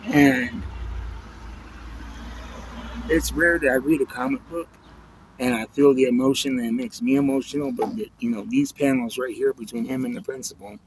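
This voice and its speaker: A man reviewing a comic book in a relaxed, reflective way, leaning on "you know" as he talks it through. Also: mid-range voice, normal speed, gravelly, long pauses, noisy background. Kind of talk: casual spoken review.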